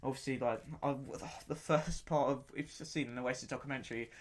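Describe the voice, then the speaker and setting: A man with a medium pitch and fairly even intonation speaks fairly quickly as he reviews an album on his own podcast in casual, unscripted talk. He rambles enthusiastically, repeating himself and stopping often to search for words.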